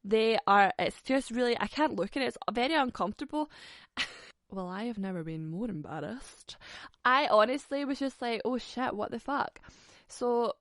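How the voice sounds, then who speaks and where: A woman's voice: fairly high pitch, animated, fairly bright tone, no room sound. Sassy woman, twenties, podcast host; sweary, giggly banter, dead-dry recording. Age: 20s. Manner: sweary, sassy, quick to laugh. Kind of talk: casual solo podcast chat.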